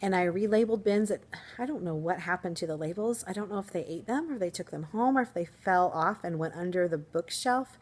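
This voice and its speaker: A woman's voice: fairly low pitch, fairly quick, a little mellow. A woman teacher talking casually to her viewers from home in an upbeat, chatty way, laughing easily. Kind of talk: casual vlog chat.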